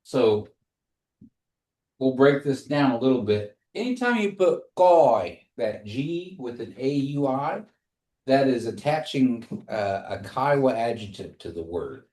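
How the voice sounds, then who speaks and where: A man teaching a language class, speaking slowly and patiently and repeating phrases for his students to say back. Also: medium pitch, sing-song, darkish tone, echoey room.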